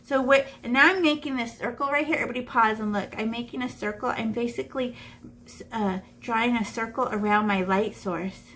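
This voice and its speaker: Her pitch sits fairly high and her tone is fairly bright, and she talks a bit fast with a faint hiss or hum behind her. In a classroom, this woman art teacher gives a live shading demo, chatty and playful, thinking out loud while drawing.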